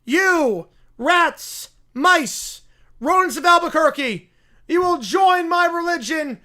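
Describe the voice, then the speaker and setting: A man voicing a fanatical young male bear who preaches and shouts commands at his followers, reading a comedy story aloud on a livestream. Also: lively intonation, takes it slowly, heavily acted. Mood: zealous preaching. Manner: booming, declaiming sermon-like commands.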